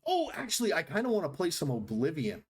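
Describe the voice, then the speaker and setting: A man's voice: a little high, huge pitch swings, fast talker, breathy edge. A man streaming a game live from home, chatting casually, joking about himself and laughing often. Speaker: livestreamer. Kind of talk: casual live-stream chat while gaming. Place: home room next to a busy street.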